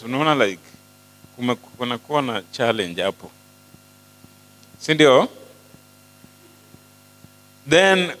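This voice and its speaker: A man preaches with animation, throwing questions out to the congregation as he shifts between English and Swahili. His voice sits a little high for a man. A long hall reverb and a low mains hum hang behind him. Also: fairly bright tone. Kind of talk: sermon.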